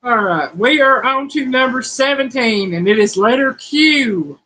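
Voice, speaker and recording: A woman's voice: high voice, animated, a little slow, fairly bright tone, low-quality recording. Folksy woman hosting a live chat. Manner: folksy, chatty, playful. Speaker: host of a cooking channel's live chat. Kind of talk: casual live-stream chat, reading quiz questions.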